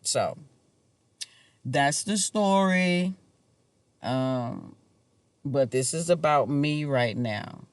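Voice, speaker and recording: Guy rambling slow on his vlog, kinda high voice, dry close sound. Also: expressive, clear, resonant tone, no echo. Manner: casual, musing, chuckles to himself. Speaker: vlogger. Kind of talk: rambling personal monologue.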